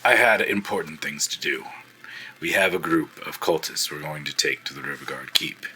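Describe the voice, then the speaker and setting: A man's voice: rumbling low, steady tone, moderate pace, sharp tone, a little hiss or hum, rough recording. A man voicing a disguised male ship captain who gives curt commands. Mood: bossy.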